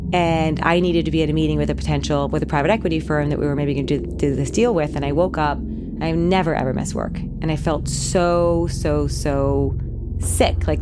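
Low-voiced woman telling a personal story. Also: noisy background. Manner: candid, rambling with fillers and restarts. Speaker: company founder.

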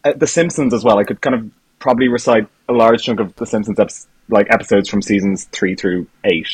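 A man's voice: lowish voice, a little fast, slightly rough, no room sound, rough recording. A man speaking as a podcast guest in casual chat, laughing often and poking fun at himself. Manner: laughs often, self-deprecating.

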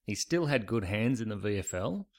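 A man's voice: on the low side, animated, normal speed, darkish tone. An Australian man co-hosting a podcast in casual chat, with a wry, dry sense of humour. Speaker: podcast co-host.

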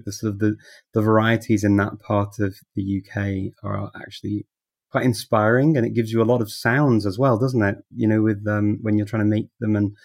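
A male interviewer asks questions in a chatty, enthusiastic way. His low voice has a gravelly edge, and the close recording is dry. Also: darkish tone, dry recording. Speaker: interviewer host. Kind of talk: conversational interview.

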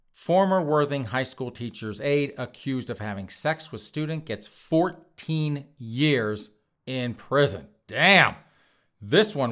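A man's voice: mid-range voice, fairly bright tone. A man hosting a podcast, reading news stories and mocking them with crude, sarcastic asides. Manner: crude, sarcastic, laughing at his own jokes. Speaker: podcast host.

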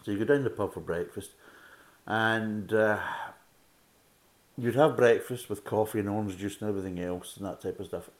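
In a lowish voice at a moderate pace, a middle-aged man chats his way through a beer tasting. The review rambles casually, with plenty of asides, like a podcast host would give.

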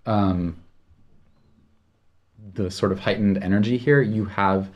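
A man narrating a tabletop game as game master, relaxed and halting, with many fillers. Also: on the low side, muffled recording.

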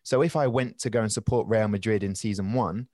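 A man in his twenties or thirties, a podcast guest, telling long rambling anecdotes in casual chat with animated restarts and quick asides. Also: fairly low pitch, dry recording.

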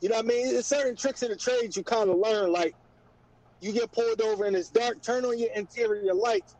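High-voiced man with mellow relaxed tone. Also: brisk, no room sound. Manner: relaxed, repeats "you know what I mean". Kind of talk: casual chat. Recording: dry, dull lo-fi sound.

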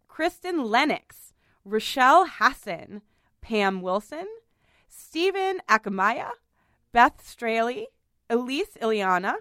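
A woman's voice: a little high, a bit bright, no echo, studio quality. A woman hosting a podcast in casual chat, talking chattily, often laughing and apologizing. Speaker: podcast host.

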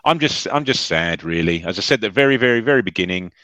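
A man's voice: fairly low pitch, lively intonation, quick pace, pushed and bright, no echo. A man giving his thoughtful, rambling views as a guest on a football chat show. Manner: thoughtful, rambling, mildly swears.

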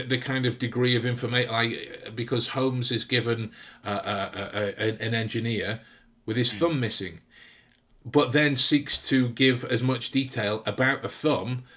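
A man's voice: medium pitch, fairly bright tone. Rambling man, casual podcast chat. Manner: rambling, halting, laughs often. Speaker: podcast co-host.

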